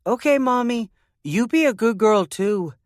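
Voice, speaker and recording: A man putting on a squeaky excited little girl. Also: measured pace, dry recording, studio quality. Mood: sweet. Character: little girl, cheerful and eager.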